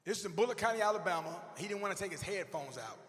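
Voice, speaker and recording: A man in his forties giving an animated, comedic motivational speech to teachers, shouting punchlines and acting out characters. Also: high voice, rapid-fire. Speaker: motivational speaker. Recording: long echo of a big hall.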